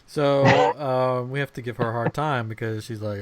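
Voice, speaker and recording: A man's voice: medium pitch, steady tone, moderate pace. A man hosting a podcast in casual chat. He is upbeat and teasing, and he often laughs. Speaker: podcast host.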